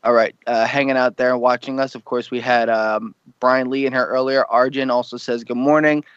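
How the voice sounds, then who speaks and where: A man's voice: medium pitch, little pitch movement, brisk, a bit bright, clear, resonant tone, no room sound. Brief: male co-host reading the chat, offhand and fumbling, dry, dull lo-fi stream audio. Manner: offhand, stumbling over names. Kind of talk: casual live-stream chat.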